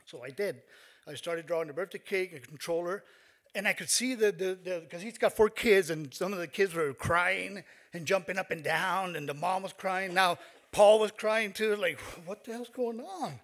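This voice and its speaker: A middle-aged man telling a personal story on a stage, halting and emotional, with many fillers and restarts. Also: sits high, a bit bright. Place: stage in a performance hall.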